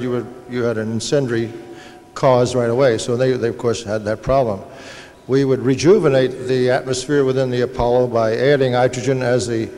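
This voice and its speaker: A man's voice: medium pitch, darkish tone. An older man on a panel recounting stories with dry humor and an easygoing manner. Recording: long hall reverb.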